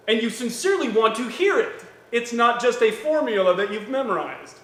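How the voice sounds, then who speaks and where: A man preaching a sermon, lively and acting out quoted voices, with gentle humor. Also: very high-pitched, moderate pace, few pauses, slight background noise. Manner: animated, acts out quoted voices with jokes. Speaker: pastor. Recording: echoey church hall with faint ambience.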